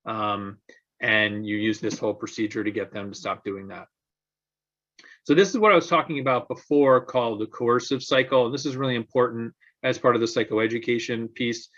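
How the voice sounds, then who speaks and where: A man's voice: mid-range voice, a bit bright. Man giving a loose, um-filled lecture. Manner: conversational, many fillers like um and you know. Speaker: clinical psychologist lecturing on parent training. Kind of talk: recorded lecture. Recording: dull lo-fi lecture recording.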